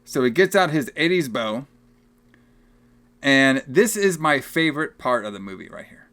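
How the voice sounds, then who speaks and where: A young man co-hosting a podcast, recapping a movie in casual, animated chat and laughing often. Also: mid-range voice. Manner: animated, laughing, acts out film lines in quick voices. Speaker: podcast co-host.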